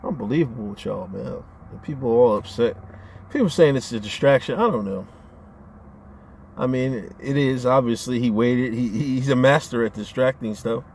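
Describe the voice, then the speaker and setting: A man's voice: medium pitch, moderate pace, a little mellow, slight background noise. A man ranting on his own channel in a casual, profane, rambling way, often stammering as he restarts his sentences. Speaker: vlogger. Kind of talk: casual rant to camera.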